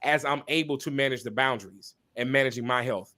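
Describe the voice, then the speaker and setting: A man speaking as a podcast guest and minister, talking candidly and passionately, repeating phrases for emphasis like a preacher and pausing to apologize for talking so long. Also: mid-range voice, bright, forceful tone. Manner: apologetic asides to listeners. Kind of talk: candid conversational testimony.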